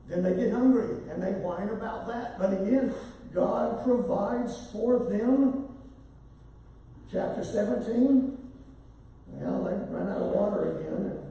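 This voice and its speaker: A man's voice: high voice, vocal fry, dark tone, very echoey, distant mic, poor audio. A man teaching a Bible lesson in a conversational way, summarizing chapters and reading verses aloud. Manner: conversational, reads scripture aloud.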